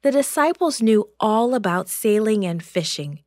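A woman narrating a Bible story for children in a slow, clear and expressive way. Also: mid-range voice, no room sound, studio quality.

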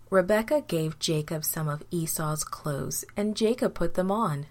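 A woman narrating a Bible story for children in a gentle, deliberate way. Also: lowish voice.

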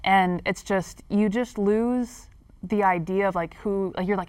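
A woman in a relaxed Bible study conversation, animated and expressive, often slipping into quoted voices. Her voice sits at a middle pitch. The sound is dry and close, with no room around it. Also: a little slow, clear, resonant tone, dry recording. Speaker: discussion panelist. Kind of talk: casual Bible study discussion.

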